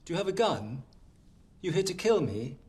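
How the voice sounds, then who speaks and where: A cold, menacing British designer. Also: male voice, fairly high pitch, very animated, normal speed, darkish tone. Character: calm, menacing older male fashion designer.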